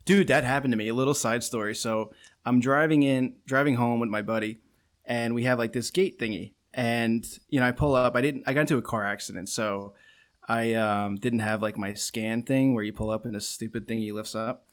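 A man's voice: medium pitch, fairly even intonation, brisk. A man co-hosting a podcast, telling a rambling story and laughing often as he talks. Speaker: podcast co-host. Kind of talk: casual podcast chat.

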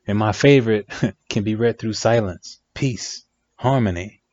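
A man's voice: fairly low pitch, a little slow, a little mellow, no echo. A man giving relationship advice in a reflective monologue, emphatic and repeating phrases for effect. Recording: dry, dull lo-fi sound.

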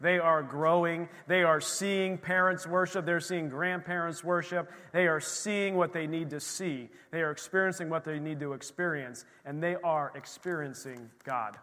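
A man's voice: on the high side, steady tone, moderate pace, hardly any pauses, sharp tone. A man preaching in church as pastor, emphatic and full of praise, saying he is losing his voice. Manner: emphatic, exclaiming praise, frequent amens. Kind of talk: sermon. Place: church sanctuary. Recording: long church hall reverb.

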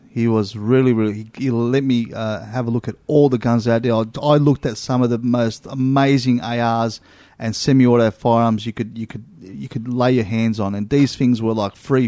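A man with an Australian accent, hosting a casual chat and telling animated travel stories full of asides. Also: mid-range voice, moderate pace, no echo, clean studio sound. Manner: animated storyteller, lots of "you know what?".

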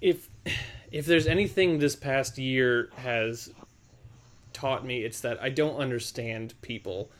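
Podcast dude, mid-pitch, stops and restarts a lot, um um, just chatting. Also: male voice, takes it slowly. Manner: thoughtful, hesitant with ums and repeats. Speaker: podcast co-host. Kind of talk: casual chat.

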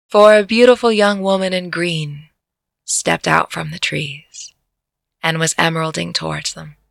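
A woman reads a fantasy audiobook in a low, heavily gravelly voice. The recording is very dry and close, with no room around her. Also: a bit bright, dry recording. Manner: breaks into laughter at her own jokes. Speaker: storyteller. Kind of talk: audiobook narration.

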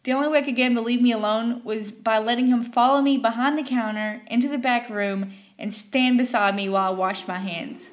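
A woman telling a story from her fast-food job in an animated way, acting out the characters. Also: fairly high pitch. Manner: animated, acts out every character. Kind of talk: storytelling narration.

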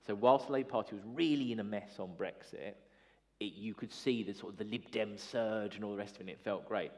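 Man, commentator type, chatty and animated, lowish voice, filler-heavy political chat. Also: brisk. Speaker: political commentator, former party staffer.

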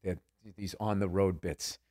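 A man's voice: low-pitched, fairly even intonation, normal speed, darkish tone, no room sound, clean studio sound. A man chatting as a comedian guest, telling rambling, profane stories full of restarts. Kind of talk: casual chat.

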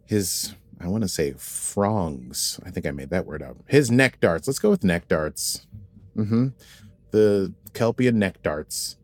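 A man with a very low voice chats casually on a podcast about a TV episode. He rambles playfully through asides and corrects himself mid-sentence. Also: lively intonation, slow pace, slightly rough, no echo. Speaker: podcast co-host.

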